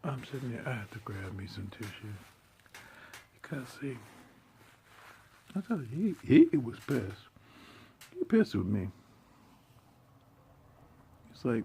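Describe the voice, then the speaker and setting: A man delivering a profane, confrontational monologue in streetwise slang. He swings between hushed muttering and sudden loud outbursts. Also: mid-range voice, expressive, slow, gravelly, pauses often, a little hiss or hum. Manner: streetwise slang, heavy swearing.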